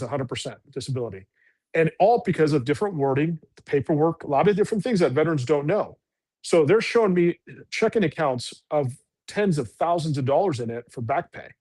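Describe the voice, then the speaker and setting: Earnest rambling veteran man, somewhat high. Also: brisk. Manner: rambling, earnest, many fillers and restarts. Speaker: veteran guest. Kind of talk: casual interview storytelling.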